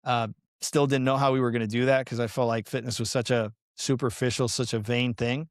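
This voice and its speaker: Earnest and animated, a middle-aged podcast guest from Colombia, who works as a pastoral counselor and fitness coach, recounts his story at a fairly quick pace with casual fillers. His medium-pitched voice stays fairly flat in pitch, captured in a dry, close recording.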